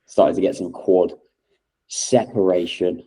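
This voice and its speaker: A man's voice: sits low, fairly even intonation, slow, mellow, low-quality recording. A young man co-hosting a podcast, talking in a laid-back, blunt way and swearing freely. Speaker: podcast co-host. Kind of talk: casual chat.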